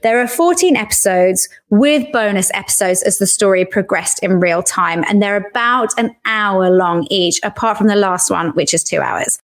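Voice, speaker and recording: A woman hosting a podcast in a casual review chat, chatty with quick self-mocking asides. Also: mid-range voice. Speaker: podcast host.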